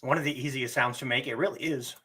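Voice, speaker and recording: A man giving a live-streamed lesson, explaining slowly and deliberately and drawing out his spoken examples. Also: mid-range voice, steady tone, pushed and bright. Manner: reads viewer comments aloud. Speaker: teacher and streamer.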